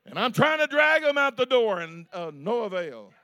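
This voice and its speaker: A man preaching a sermon as pastor, swinging between loud, shouted peaks and quiet, low asides. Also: sing-song, normal speed.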